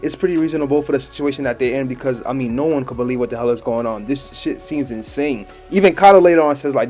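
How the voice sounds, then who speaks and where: Excited young man with a slangy review style. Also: mid-range voice, quick pace, hardly any pauses, soft background music. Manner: excited, slangy, laughs often. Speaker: manga chapter reviewer. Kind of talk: casual video review.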